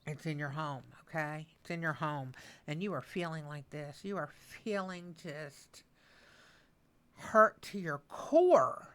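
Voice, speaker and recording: A woman in her sixties with a somewhat low voice, chatting through a tarot reading. She talks in an animated, emotional way and repeats herself for emphasis. Her level drifts as she moves away from the mic. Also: normal speed. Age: 60s. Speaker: tarot reader. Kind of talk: casual channeled tarot reading. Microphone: mic that she moves away from at times.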